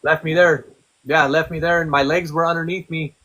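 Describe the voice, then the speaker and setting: Young adult man, candid and coarse-spoken storyteller, forceful bright tone. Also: a little high, little pitch movement, brisk, rough recording. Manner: profane, blunt, conversational. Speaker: podcast guest.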